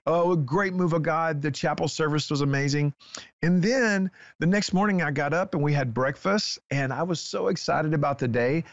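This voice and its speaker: A man, a guest author telling a lively personal testimony and acting out the dialogue. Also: a little high, moderate pace, dry recording, dull audio. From Texas. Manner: excitable storyteller, acts out dialogue.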